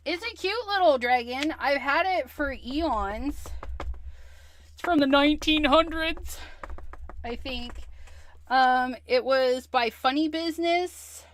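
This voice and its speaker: Woman, livestream craft host; higher pitch, unhurried delivery, casual running chatter to viewers. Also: fairly bright tone, slight background noise. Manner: chatty, talks to viewers while stamping, hums and murmurs to herself.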